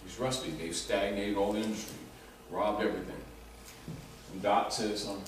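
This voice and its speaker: A man giving an animated, rambling informal lecture to a small group, restarting his sentences as he goes. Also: on the low side, moderate pace. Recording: echoey room, mic far off, faint noise.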